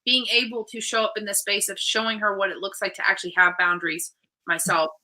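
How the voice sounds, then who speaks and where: Bright, upbeat woman host in her 30s. Animated storyteller who acts out the people she quotes. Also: mid-range voice, fast talker, poor audio. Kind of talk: casual interview chat.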